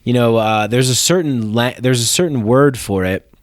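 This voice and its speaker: A man's voice: medium pitch, moderate pace, no room sound, studio quality. A man hosting a comedy podcast in casual chat, rambling and profane with many restarts. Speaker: podcast host.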